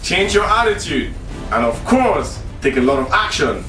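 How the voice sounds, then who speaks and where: High, lively male host in an echoey room. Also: moderate pace, faint music behind. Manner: string of rhetorical questions. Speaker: show host. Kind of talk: closing address to viewers. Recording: echoey, distant from the mic.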